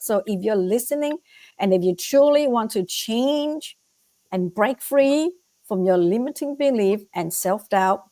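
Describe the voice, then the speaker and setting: A middle-aged woman from Vietnam, a guest author and life coach, answering interview questions with animated, repeated motivational advice and acted-out quotes. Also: medium pitch, no echo, clean studio sound. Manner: animated, acts out quoted voices, repeats phrases for emphasis.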